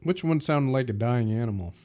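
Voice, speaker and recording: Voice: medium pitch, lively intonation, fairly quick, noisy background. A streamer chatting casually on a live stream, joking around and answering viewers' questions. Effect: voice changer at times.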